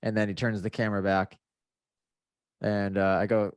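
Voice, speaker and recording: A man's voice: lowish voice, moderate pace, smooth, no echo. Man telling a story with a laugh. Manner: animated, laughing, acts out the quoted messages. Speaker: podcast guest, mindset coach. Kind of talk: casual storytelling.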